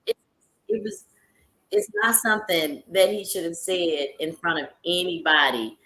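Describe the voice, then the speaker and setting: Lively woman streamer in an echoey room. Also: fairly low pitch, measured pace. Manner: animated, laughing often, addresses viewers as y'all. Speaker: live-stream host. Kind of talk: casual storytelling to viewers.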